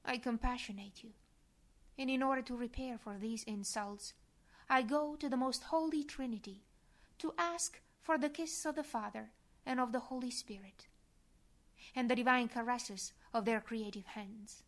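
A woman reads a devotional prayer aloud, her voice sitting a little high. She keeps it soft and reverent, at times sinking to a breathy whisper. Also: normal speed. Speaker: devotional reader.

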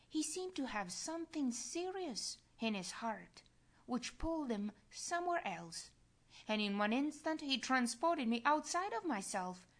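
A woman giving a slow, solemn, earnest devotional reading. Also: mid-range voice. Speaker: reader.

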